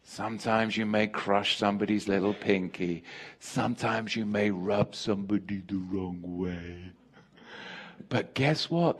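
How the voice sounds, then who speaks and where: An American man preaching a sermon, emphatic, joking and laughing with his congregation. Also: on the low side.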